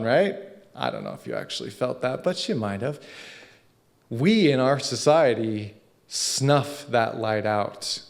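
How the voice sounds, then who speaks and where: A man giving an inspirational talk at a spiritual center, conversational and animated, often laughing. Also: mid-range voice.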